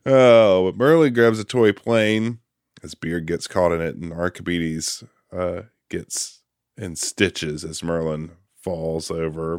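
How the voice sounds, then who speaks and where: A man hosting a casual podcast, retelling a film's plot with lively delivery and quick quoted voices. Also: sits low, no room sound, studio quality. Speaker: podcast host recapping a film.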